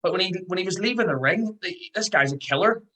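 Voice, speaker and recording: A man with a Scouse accent hosting a podcast, telling stories in a fast, excitable way. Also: high-pitched, rough recording. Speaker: podcast host. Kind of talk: casual interview chat.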